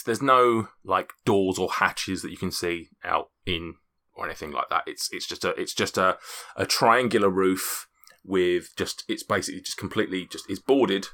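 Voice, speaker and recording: A man's voice: low voice, sharp tone. A man narrating a tabletop game as game master, often stumbling and restarting. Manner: halting, many restarts.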